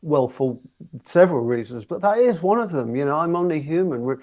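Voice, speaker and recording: A man in his sixties, a guest singer telling stories in a relaxed interview, chatty and often laughing as he talks. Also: on the high side, brisk. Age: 60s.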